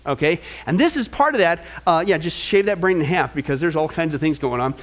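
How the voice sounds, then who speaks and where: A middle-aged man preaching a sermon on marriage, energetic and jokey, who keeps checking in with the crowd. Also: fairly high pitch, brisk. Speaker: pastor.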